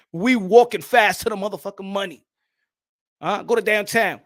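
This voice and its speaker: A man's voice: high voice, measured pace. A man from New York with a New York accent, talking in a loose, profane, laughing monologue as a boxing channel host. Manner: loose, swearing, laughing often.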